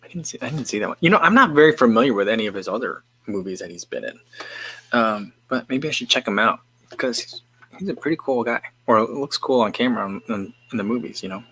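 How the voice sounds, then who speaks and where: A man hosts a live stream in an easygoing, rambling way, often breaking off and restarting his thoughts as he reads viewer comments. His voice is bright and forceful. The sound is dry and close, with no room around it. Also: medium pitch, lively intonation, fast talker, slightly rough, no echo. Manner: musing and rambling, with frequent self-interrupting restarts. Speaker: livestream host. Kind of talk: casual chat, reading viewer comments.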